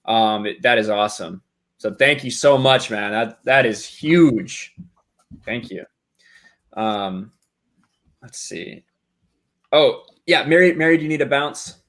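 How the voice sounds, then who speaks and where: A man's voice: mid-range voice, measured pace, fairly bright tone. Upbeat man hosting a charity stream. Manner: upbeat, thanking donors with fillers. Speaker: stream host. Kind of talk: casual stream chat.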